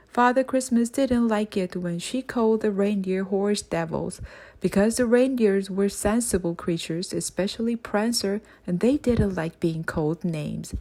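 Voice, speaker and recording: A woman reading a children's book aloud in a clear, steady storytelling way. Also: medium pitch, measured pace. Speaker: audiobook reader.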